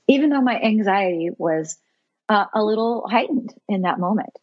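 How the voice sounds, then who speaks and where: A woman's voice: medium pitch, animated, moderate pace, husky, no room sound, lo-fi sound. A woman in her thirties, a podcast guest, telling a personal story in an earnest, heartfelt, self-reflective way.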